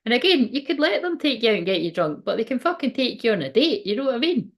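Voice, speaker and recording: A woman's voice: on the high side, very animated, fairly quick. A woman, giving a casual, rambling tarot reading, swearing freely and laughing often. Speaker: tarot reader and medium.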